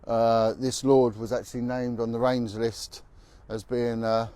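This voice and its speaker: A man's voice: medium pitch, level tone, measured pace, dark tone, clear, resonant tone. Blunt ex-cop man talking while walking. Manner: blunt, emphatic storytelling. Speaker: former police officer. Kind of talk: walking vlog monologue. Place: outdoors on a city street.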